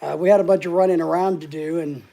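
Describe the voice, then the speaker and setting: A woman's voice: on the low side, steady tone, quick pace, creaky, mellow. Breathless woman hosting a casual live stream. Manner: rambling, greets viewers by name. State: short of breath.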